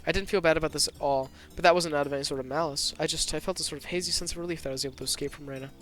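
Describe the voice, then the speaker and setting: A man narrating a story at a rapid clip, his voice slightly high. He reads tense first-person scenes as a streamer, breaking off now and then for asides. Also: steady tone, a bit bright, faint music behind. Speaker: streamer reading a visual novel aloud.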